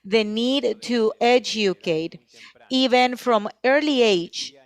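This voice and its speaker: A woman working as a simultaneous interpreter at a panel discussion, speaking in a steady, even way with frequent pauses as she keeps up with the speaker. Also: fairly high pitch, no echo. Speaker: conference interpreter.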